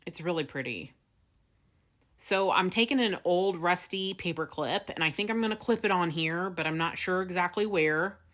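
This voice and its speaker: Woman, craft tutorial host, low-ish voice, casual and rambling with fillers. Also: normal speed, fairly bright tone. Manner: chatty, laughs often, many fillers.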